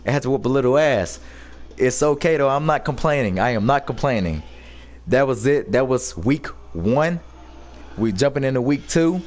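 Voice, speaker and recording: A man commentating his own wrestling gameplay in casual chat, shouting profane trash talk at the screen. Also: medium pitch, lively intonation, moderate pace. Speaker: gaming YouTuber.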